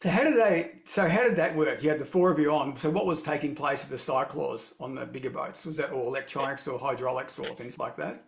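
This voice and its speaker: A man's voice: mid-range voice, brisk, creaky, hardly any pauses. A man hosting a podcast interview, chatty and rambling, telling long anecdotes. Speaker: podcast host. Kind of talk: casual interview chat. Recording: echoey room.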